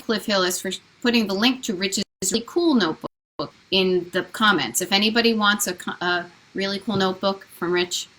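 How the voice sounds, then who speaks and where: A woman's voice: mid-range voice, pushed and bright, rough recording. A woman chatting casually from her living room during a live video, rambling with lots of fillers and restarts. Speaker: vlogger hosting a live Q&A. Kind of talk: casual live-stream chat.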